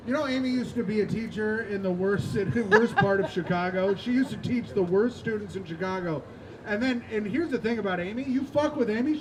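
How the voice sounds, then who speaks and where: A man's voice: high-pitched, rough recording. A man from Indiana doing a stand-up set outdoors on a rooftop, telling rambling self-deprecating stories, swearing and joking with the crowd. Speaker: stand-up comedian. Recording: outdoor noise behind the voice.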